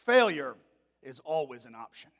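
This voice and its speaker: Teasing, sly young girl, as her preacher father puts her on; high, gravelly, church reverb. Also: big pitch swings, normal speed, a bit bright, a little hiss or hum. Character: cheeky eleven-year-old girl.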